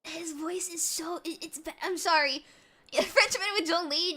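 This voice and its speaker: A woman's voice: high-pitched, normal speed, bright, forceful tone. A woman with a British accent commenting on a game in a casual live stream, gushing, giggly and trailing off mid-sentence.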